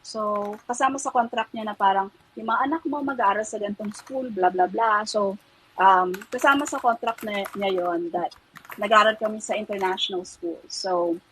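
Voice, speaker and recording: A woman in her fifties with a mixed British and Australian accent, telling stories as a podcast guest in a chatty, animated way and laughing often. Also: mid-range voice, moderate pace, slight background noise, poor audio. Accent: mixed British and Australian English. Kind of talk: casual chat, switching between English and Tagalog.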